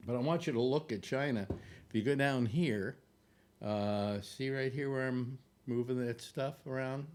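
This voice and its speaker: A male live-show host chats casually from home over a map, joking and rambling, short of breath and catching on filler words. He has a medium-pitched, unhurried, slightly mellow voice.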